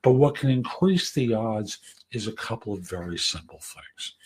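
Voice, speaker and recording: Soft-spoken husky man giving advice. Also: fairly low pitch. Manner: soft, gentle, conversational delivery. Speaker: career coach and podcast host. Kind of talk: casual advice talk.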